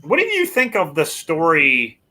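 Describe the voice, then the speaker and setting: A man's voice: a little high, measured pace. A man co-hosting a casual movie chat, talking hesitantly with many restarts. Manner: hesitant, full of restarts, animated. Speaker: podcast co-host.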